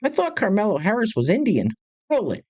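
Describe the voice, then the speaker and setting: A man's voice: sits high, wildly swooping pitch, fairly quick, a little mellow. A man hosting a commentary video, introducing clips with sarcastic, sneering asides. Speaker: commentary channel host.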